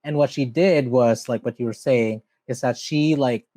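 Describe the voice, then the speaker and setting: A man's voice: medium pitch, moderate pace, mellow, no room sound. A man hosting a podcast, chatty and upbeat, talking casually with many fillers. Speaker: podcast host. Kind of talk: casual interview chat.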